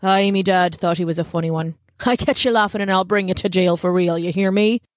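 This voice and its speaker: A woman's voice: on the low side, fairly quick, no room sound, studio quality, close to an everyday voice. A woman doing a jovial bearded village constable. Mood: mock stern. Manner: folksy, easygoing country speech.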